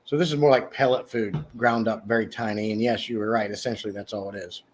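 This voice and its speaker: A man hosting a casual livestream, answering viewers' comments by name in a rambling way with frequent restarts. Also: steady tone. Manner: mock sales pitch, slow and emphatic. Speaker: livestream host. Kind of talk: casual live chat reading comments.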